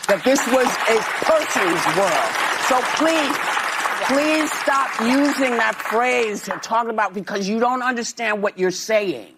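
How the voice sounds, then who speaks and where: A woman's voice: fairly high pitch, lively intonation, a little slow, over a noisy crowd. Emphatic woman lecturing on a panel. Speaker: talk show panelist. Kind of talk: impassioned panel talk. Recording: clip with audience noise.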